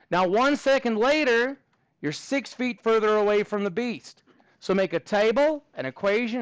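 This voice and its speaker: A man's voice: high-pitched, smooth, no room sound, poor audio. A man teaching a math class, upbeat and encouraging as he walks students through a problem. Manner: upbeat, encouraging, playful monster voices.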